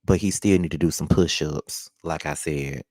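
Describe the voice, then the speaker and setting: A man's voice: a bass voice, normal speed, a little mellow, no echo, clean studio sound. A man hosting casual reaction commentary, joking and teasing bluntly with some profanity. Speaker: commentary channel host.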